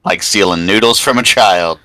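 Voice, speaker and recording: A man's voice: deep voice, moderate pace, sharp tone, dry recording. A man playing a tabletop game, making dry, mildly formal remarks over an online call. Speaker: player.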